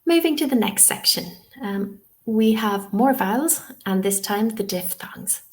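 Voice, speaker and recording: A woman's voice: mid-range voice, expressive, measured pace, a little mellow. An Irish woman leading a webinar lesson on pronunciation, modelling sounds one by one and checking in with "okay?" as she goes. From Ireland. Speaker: TEFL trainer.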